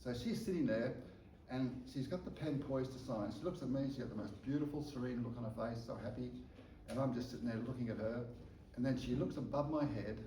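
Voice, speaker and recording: A man tells his testimony as a sermon, caught up in the tale and tripping over his words as he goes. His voice is soft and warm. He sounds set back from the mic in a reverberant room, with a faint hum of ambience behind him. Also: mid-range voice, recorded from a distance. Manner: animated storyteller who stumbles and repeats words. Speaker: preacher sharing a testimony. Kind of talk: storytelling sermon.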